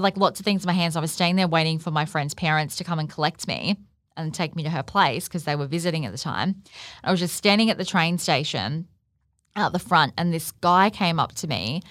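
An Australian woman with a low, slightly bright voice hosts a podcast, chatting her way through a personal story packed with "like" fillers. The sound is clean studio quality with no room sound.

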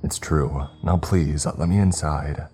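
A man voicing a desperate, changed young man who begs and then shouts to be let in. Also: extremely low pitch, slow pace, soft background music. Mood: eerie calm.

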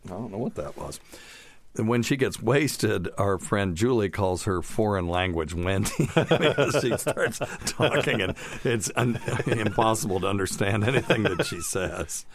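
A man's voice: lowish voice, lively intonation, measured pace. A middle-aged man co-hosting a casual medical podcast, chatty and jokey as he reads from his notes. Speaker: podcast co-host, doctor.

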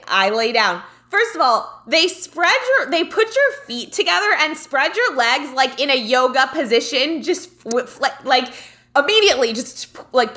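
A woman's voice: high voice, pushed and bright. A young woman co-hosting a casual chat, telling a story animatedly and laughing often mid-sentence.

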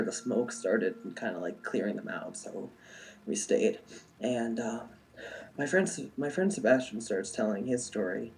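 A man's voice: fairly low pitch, slight background noise. A young adult man telling a personal story in a casual, rambling way, full of "like" and "um". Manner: rambling, heavy use of "like" and "um".

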